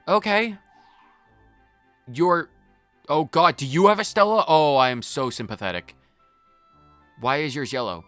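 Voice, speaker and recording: A man's voice: mid-range voice, animated, moderate pace, pauses often, a bit bright, soft background music. A man hosting a game playthrough, commenting in character with a theatrical, wry manner. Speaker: gaming channel host. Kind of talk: role-played game commentary.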